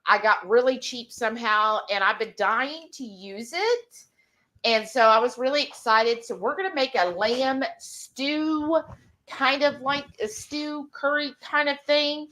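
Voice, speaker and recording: A woman hosting a live cooking stream, chatting casually in an excited, rambling way. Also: sits high, measured pace.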